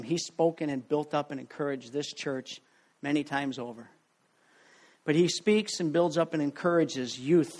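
A male pastor slowly introducing a guest speaker to his church. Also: a little high.

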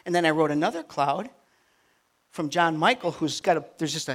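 An older man, a grandfather, preaching a sermon with animated swings from quiet asides to near-shouted peaks. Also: a little high, fast talker. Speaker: pastor.

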